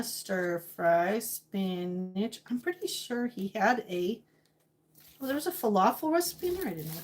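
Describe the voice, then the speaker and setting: A woman cooking at home, chatting casually with her viewers and thinking aloud, humming to herself between remarks. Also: medium pitch. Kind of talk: casual chat while cooking, reading viewer comments.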